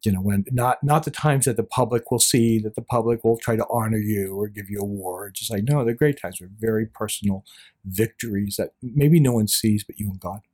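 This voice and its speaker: Husky, low-voiced man, softly earnest. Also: brisk. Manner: earnest, often sinking to a near-whisper. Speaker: guest author. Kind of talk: reflective interview talk.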